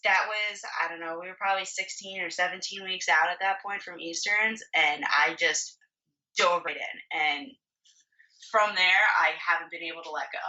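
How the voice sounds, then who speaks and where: A young woman with a bright, sharp voice tells her story in a loose, candid way, swearing freely and leaning on "like". She sounds set back from the mic, and the recording is dull and a bit muffled. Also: medium pitch, recorded from a distance. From Florida. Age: 20s. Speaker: podcast guest, bodybuilding competitor. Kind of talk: casual storytelling.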